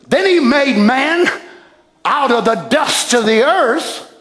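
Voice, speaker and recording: A man preaching a fervent evening sermon in church, shouting passages and then dropping to quiet asides. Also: very high voice, very animated, slow. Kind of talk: impassioned sermon. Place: church sanctuary. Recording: echoey church hall.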